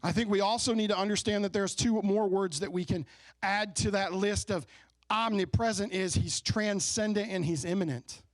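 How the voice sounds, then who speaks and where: A pastor in his thirties delivers a sermon in an easy, chatty storytelling manner, often checking in with the congregation. His voice sits a little high for a man, and the sound is close and dry with almost no room echo. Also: moderate pace. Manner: conversational storytelling preacher, asks the congregation questions. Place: church sanctuary.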